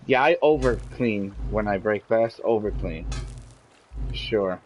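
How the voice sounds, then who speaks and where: A man's voice: lowish voice, slow pace, darkish tone, slight background noise, low-quality recording. A man streaming a game and chatting casually, telling rambling, profanity-laden stories. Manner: swears a lot, rambling storyteller. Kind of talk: casual chat while gaming.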